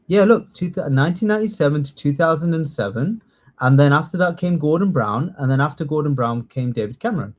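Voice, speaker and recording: A man's voice: a little high, expressive, a little fast. A man teaching a live online citizenship test class, quizzing students and checking in often with "yeah?". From United Kingdom. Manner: encouraging, chatty, frequent "yeah?" check-ins.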